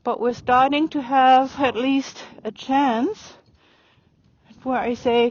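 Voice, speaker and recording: A woman riding a horse and calmly explaining her training as she goes, pausing to speak softly to the horse. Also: sits high. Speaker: riding instructor. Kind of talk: narrating while riding. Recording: dry, dull lo-fi sound.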